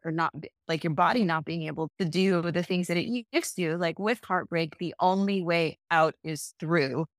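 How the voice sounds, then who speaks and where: A woman guest on a podcast, a breakup coach, talking in an animated, casual way and acting out quoted thoughts. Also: low voice, dry recording, studio quality. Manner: warm-hearted, animated, acts out quotes.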